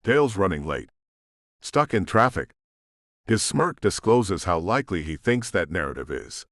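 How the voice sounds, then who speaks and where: A man narrating a first-person romance audiobook in an expressive, emotional way. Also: deep voice, moderate pace, no room sound, studio quality.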